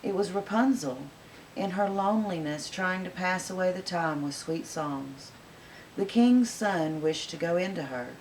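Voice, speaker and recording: A woman reading a fairy tale aloud in a gentle, unhurried, expressive way. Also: on the low side, slight background noise, rough recording. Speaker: storyteller.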